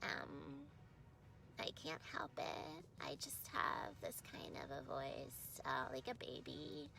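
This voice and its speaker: An actress doing an impression of a grown woman with a babyish, breathy voice full of heavy vocal fry, in a comedic clip. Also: rumbling low, big pitch swings, pushed and bright, full character voice, low-quality recording. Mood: mocking. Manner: breathy, halting, whispery.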